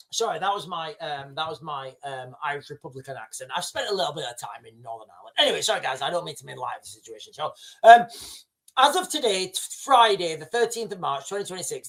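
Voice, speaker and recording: A man's voice: high-pitched, animated, brisk, fairly bright tone. A man hosting a casual livestream, rambling through the news with many fillers and restarts. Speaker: livestream host. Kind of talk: casual live commentary.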